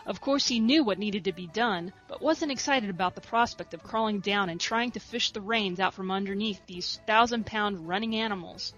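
A woman reading a story aloud in a soft, steady narration. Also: mid-range voice, moderate pace, few pauses, muffled recording, faint music behind. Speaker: reader.

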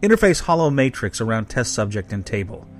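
A man's voice: mid-range voice, big pitch swings, fairly quick, natural voice. A man voicing a cruel, methodical alien doctor who snarls with cool menace. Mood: menacing.

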